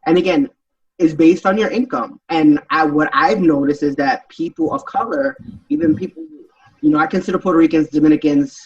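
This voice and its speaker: A man in a casual group chat on a podcast, telling animated stories and acting out other people's voices. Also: on the high side, brisk, gravelly. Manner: animated storytelling, acts out quoted voices. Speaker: podcast panelist. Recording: dull, distant sound.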